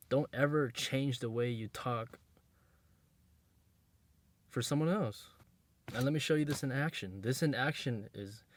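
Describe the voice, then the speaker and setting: A man talks straight to his viewers with blunt, streetwise advice, hammering each point home through repetition. His voice sits at an ordinary middle pitch, and he comes across as direct and sure of himself. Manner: slangy, streetwise phrasing. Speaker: dating advice creator. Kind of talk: casual advice monologue to camera.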